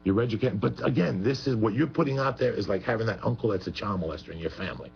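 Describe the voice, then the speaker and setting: A man who rattles off rambling, profane rants at speed. His voice is gravelly and rough. It comes through a muffled radio recording with a faint hum. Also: on the low side, animated, rapid-fire. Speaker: guest. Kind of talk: heated profane talk radio chat.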